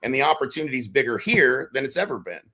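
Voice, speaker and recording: A man speaks in a bright, forceful voice. He talks casually and keeps things animated, breaking into loud acted-out quotes as he tells stories on a podcast. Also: medium pitch, fast talker, slightly rough. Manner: animated, acts out quotes with sudden loud bursts. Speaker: real estate brokerage leader on a podcast.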